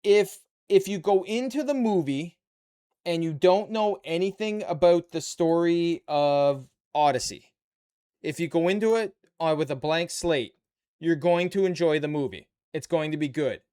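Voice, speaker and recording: This man speaks in a fairly high, warm, clean voice at a measured pace. A Canadian with a Canadian accent, he builds a model kit on a live stream, bantering playfully and chatting casually with those watching.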